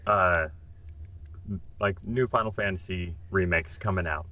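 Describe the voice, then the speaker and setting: A man's voice: deep voice, unhurried, no echo, lo-fi sound. A man, a voice actor guest on a podcast, answering in a modest, earnest way. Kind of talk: interview answers.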